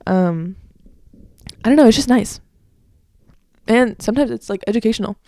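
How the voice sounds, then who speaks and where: A woman's voice: a little high, normal speed, dark tone, no room sound. A young woman in her late teens with an American accent, hosting a casual solo podcast chat, rambling with lots of "like"s and fixing herself as she goes, strongly opinionated. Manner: chatty and rambling, with many "like"s and self-corrections. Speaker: podcast host.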